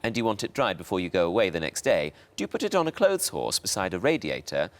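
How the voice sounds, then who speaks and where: A man's voice: sits low, big pitch swings, fast talker. A man in a casual chat, reading fan questions aloud with playful, teasing quips.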